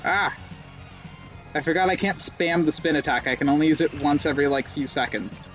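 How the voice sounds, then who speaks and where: A young male streamer talks through a racing game in a slightly high voice. He rambles, mocks himself and lets out sudden yelps, with faint game music in the background. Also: fast talker. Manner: rambling, self-mocking jokes, sudden yelps. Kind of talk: live gameplay commentary.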